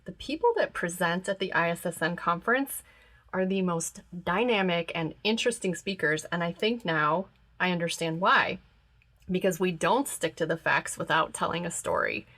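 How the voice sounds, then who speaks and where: A woman hosts a podcast interview with a rather low voice. She chats casually and sounds enthusiastic and reflective. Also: moderate pace, a bit bright. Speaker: podcast host.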